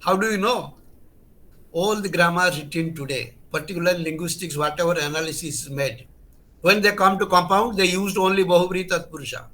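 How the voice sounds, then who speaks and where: A man's voice: high voice, brisk, bright, forceful tone, a little hiss or hum. A man, teaching Sanskrit grammar in a lecture, earnest and emphatic, repeating key terms and restarting phrases as he explains. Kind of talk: online lecture.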